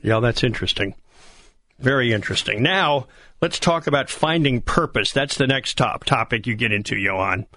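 A man's voice: medium pitch, lively intonation, normal speed, sharp tone, no echo. A man in his seventies hosting a radio interview, asking questions in a friendly, upbeat way. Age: 70s. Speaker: radio host.

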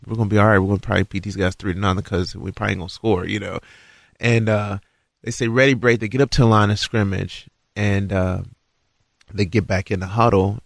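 Man from Kentucky, ex-football player, low voice, dry close sound; spins a yarn with plenty of fillers. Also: dry recording. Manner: lively storyteller who acts out quotes, frequent fillers. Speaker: former college and pro football player. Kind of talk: casual anecdote telling.

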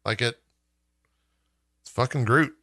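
A man co-hosting a podcast in casual chat, relaxed and pausing often with "uh". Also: medium pitch. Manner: relaxed, frequent "uh" pauses. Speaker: podcast co-host.

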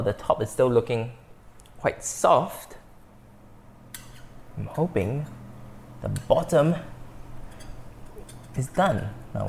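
This cooking show host has a mid-range, creaky voice, recorded with a little hiss or hum. On his casual podcast he cooks and samples food while talking, excitably breaking into delighted exclamations.

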